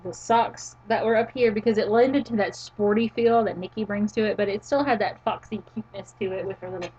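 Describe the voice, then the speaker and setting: A woman co-hosting a casual wrestling chat, animated and quick to laugh, swearing freely. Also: medium pitch, breathy edge, muffled recording. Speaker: podcast co-host. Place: college town in the US.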